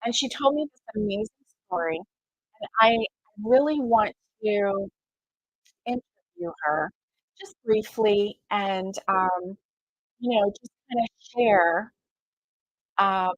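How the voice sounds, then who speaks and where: A woman's voice: medium pitch, slow pace, no room sound, muffled recording. A middle-aged woman telling a rambling story in a casual chat, full of fillers and quoted dialogue. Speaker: crochet vlogger.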